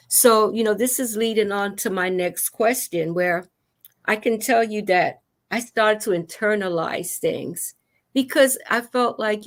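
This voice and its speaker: A woman's voice: mid-range voice, a little slow. A woman hosting a conversation about grief, telling her own story in an earnest, emotional way. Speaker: host.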